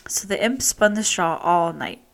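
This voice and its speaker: A woman storyteller reading a fairy tale aloud with steady, expressive delivery. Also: lowish voice, unhurried.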